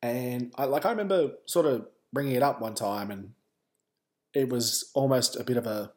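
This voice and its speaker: A man's voice: mid-range voice, moderate pace, darkish tone. Wry Australian man telling a story. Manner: candid and wry, wandering asides. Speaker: podcast host. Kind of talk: casual personal storytelling.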